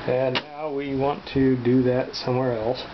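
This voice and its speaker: A man's voice: mid-range voice, level tone, a little slow. A man giving a casual running commentary to himself while working on hardware, with dry self-mocking remarks. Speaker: video maker tinkering with hardware. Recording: dull lo-fi with loud mechanical noise.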